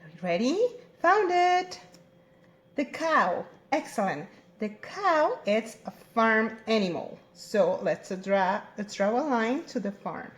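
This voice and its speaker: Slow, lively Spanish-accented kindergarten teacher. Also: female voice, a little high, roomy sound. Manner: slow, sing-song, encouraging teacher talk. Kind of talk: recorded online lesson for young children.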